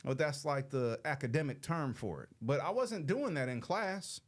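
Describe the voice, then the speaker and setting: Man in his thirties from Los Angeles, show host, casual slangy storyteller who acts out quoted people, middle pitch. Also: expressive, normal speed.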